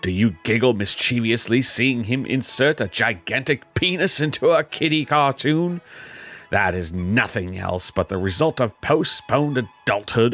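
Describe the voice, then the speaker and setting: A man's voice: mid-range voice, expressive, unhurried, a bit bright, faint music behind. A man hosting a comedy show, reading online reviews aloud and breaking off with sarcastic, mocking asides. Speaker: host.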